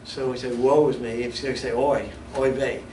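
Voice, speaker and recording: A man teaches a Bible study in a relaxed, conversational way, breaking off and restarting his thoughts. He is picked up from a distance in an echoey room. A steady hiss of background noise sits under his voice. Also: mid-range voice, normal speed. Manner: conversational, stops and restarts often.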